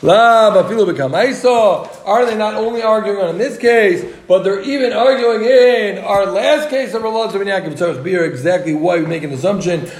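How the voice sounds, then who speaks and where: A man leading a casual Talmud class, joking with students and chanting the text in quick bursts. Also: sits high. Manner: joking, rapid singsong study chant. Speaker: Talmud teacher. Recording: echoey room.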